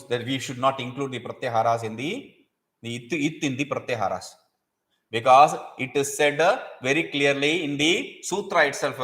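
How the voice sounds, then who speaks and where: With a mid-range, fairly bright voice, a man delivers a grammar lecture. He explains patiently, goes over terms repeatedly, and throws in rhetorical questions.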